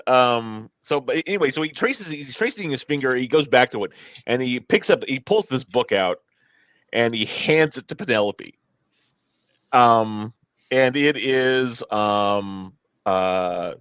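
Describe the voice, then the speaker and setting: A man's voice: medium pitch, a bit bright, no room sound, dull audio. A man narrating his character's actions in a tabletop role-play, hesitant with many restarts. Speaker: player.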